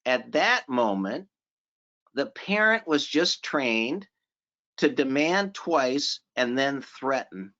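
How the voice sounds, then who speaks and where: A man presenting a seminar in a relaxed, conversational way, repeating phrases for emphasis and asking the audience questions. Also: medium pitch, slow. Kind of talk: conversational lecture. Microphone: remote conference audio. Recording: slightly dull audio from a virtual conference.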